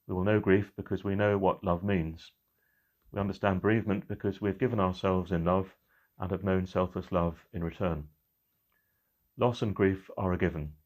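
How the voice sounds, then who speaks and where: Deep-voiced middle-aged guy doing a calm church reflection, slows down on the big lines. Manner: measured and reflective, slowing on key phrases. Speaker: church minister. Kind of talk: midweek reflection.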